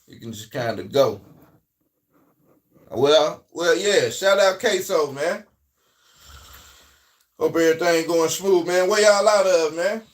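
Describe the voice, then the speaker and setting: A man with a Southern US accent hosting a casual livestream, talking in a loose, rambling way that swings between loud and quiet. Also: fairly high pitch, animated, slow, long pauses, distant mic. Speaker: livestream host.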